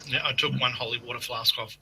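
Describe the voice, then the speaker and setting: A man in a casual tabletop game who earnestly lays out his character's actions step by step. His voice is husky with a sharp, tense edge and stays flat in pitch. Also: quick pace, faint music behind, rough recording. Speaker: player.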